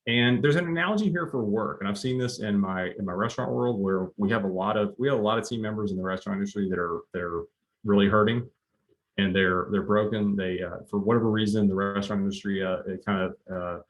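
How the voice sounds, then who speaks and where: A middle-aged man speaks in a fairly low voice. He gives a relaxed, conversational webinar talk on leadership, stopping often for fillers and starting his sentences over. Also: fast, dull audio. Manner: conversational, many fillers and restarts. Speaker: leadership coach.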